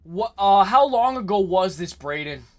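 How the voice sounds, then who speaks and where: Young guy on a livestream, high voice, hyped and rambly, lots of "like" and "bro". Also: moderate pace. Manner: excitable, rambling, repeats himself, says "like" and "bro" a lot. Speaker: livestream host. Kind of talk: casual livestream chat.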